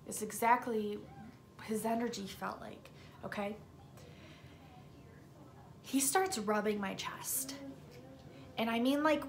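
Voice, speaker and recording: With a sore throat, a woman vlogger speaks slowly and pauses often, her mid-range voice telling viewers a story in an emphatic, casual way that sometimes slips into a hushed whisper. Slight background noise can be heard.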